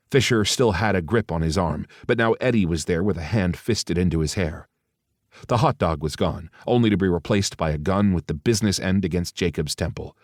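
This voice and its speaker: A man reading an audiobook in steady, even scripted narration. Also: low voice, dry recording, clean studio sound.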